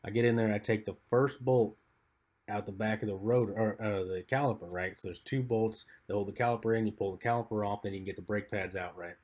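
Man, podcast co-host, casual chat, lowish pitch, husky, rambling laid-back storyteller, trails off quietly. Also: steady tone, fast talker.

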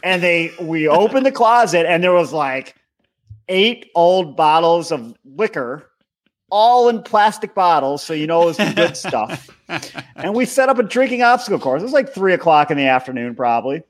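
A young man co-hosting a podcast, laid-back and dry, telling stories in a low-key way. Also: big pitch swings, normal speed. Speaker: podcast co-host. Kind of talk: casual chat.

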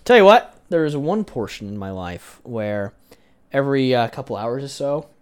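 A man's voice: mid-range voice, lively intonation, normal speed, clear, resonant tone. A young man co-hosting a casual podcast chat, teasing and arguing with his co-host and swearing casually.

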